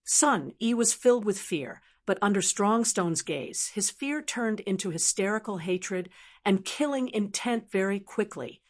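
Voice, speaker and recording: A woman reading fantasy audiobook narration in a steady, even manner. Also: medium pitch, unhurried.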